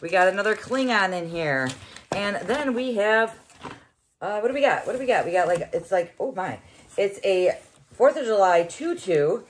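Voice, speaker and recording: A woman's voice: medium pitch, expressive, normal speed, slight background noise. A middle-aged woman hosting a casual unboxing vlog, chatty and exclaiming as she thinks aloud. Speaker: host.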